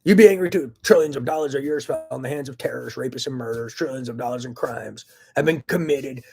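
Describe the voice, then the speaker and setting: A man ranting angrily into the camera in a profane, agitated monologue, swinging between loud outbursts and low muttering. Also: fairly even intonation, fast talker, vocal fry. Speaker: vlogger.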